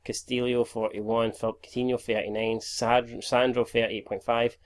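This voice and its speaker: Sweary tired gamer lad. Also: male voice, medium pitch, level tone, moderate pace. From Scotland. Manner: sweary, chatty, stumbles over words. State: tired, recording at five in the morning. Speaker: gaming YouTuber. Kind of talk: casual gameplay commentary.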